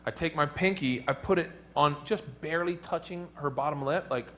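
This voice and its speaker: A man performing a stand-up comedy set on stage, telling stories loudly and animatedly, with shouted bits. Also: on the high side, fairly quick. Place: comedy stage before a live audience. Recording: live club recording with audible audience.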